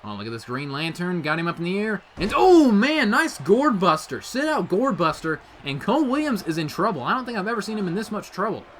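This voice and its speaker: A young man calls wrestling play-by-play in a bright, lively, fairly high voice that leaps up on every big move. His delivery is hyped and full of exclamations. A faint hiss of background noise sits under the home recording. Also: fast, hardly any pauses. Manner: hyped, frequent "oh" exclamations, rising to shouts at big moves. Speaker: play-by-play commentator for video game wrestling. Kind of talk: excited play-by-play commentary.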